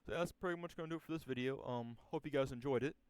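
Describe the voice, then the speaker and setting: A man's voice: mid-range voice, rapid-fire, clean tone, no echo. Rambling young man telling a story. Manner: rambling, profane, many restarts and fillers. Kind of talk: casual storytelling.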